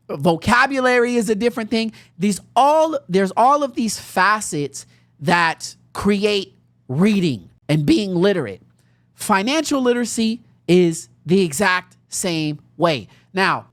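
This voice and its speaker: A young adult woman with a medium-pitched voice hosts a podcast and shares a personal tale conversationally, lively and punctuated by laughter. There's no echo.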